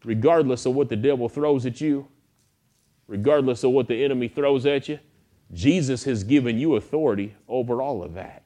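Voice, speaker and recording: Man, pastor preaching, folksy and animated, mid-pitched voice. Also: moderate pace. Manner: folksy, animated storytelling with acted quotes. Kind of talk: sermon.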